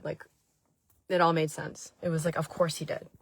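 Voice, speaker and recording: A woman from Maine tells a long personal story straight to camera, her voice a little husky. She talks casually with plenty of fillers. The sound is dry and close. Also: deep voice, level tone, moderate pace, pauses often, no echo. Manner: chatty, lots of "like" fillers. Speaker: vlog host.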